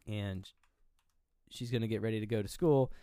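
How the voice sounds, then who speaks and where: A man's voice: on the low side, moderate pace, mellow, smooth. Rambling man retelling a movie's scenes. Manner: retells scenes, acting out lines in quoted voices; loose, rambling, frequent fillers and swearing. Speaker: podcast co-host. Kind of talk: casual movie review chat.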